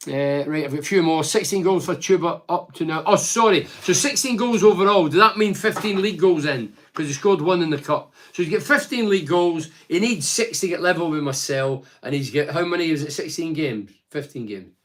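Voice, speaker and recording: An older man from Scotland talking casually about football as a pundit, reading out fan messages and rambling with lively asides. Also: on the high side, a little fast, hardly any pauses. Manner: animated, chatty, rambling with asides. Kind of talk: casual solo football commentary.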